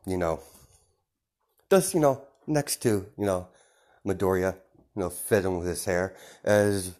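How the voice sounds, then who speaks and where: A man's voice: deep voice, measured pace, darkish tone. A man casually improvising a fan story, rambling with lots of fillers and frequent chuckles.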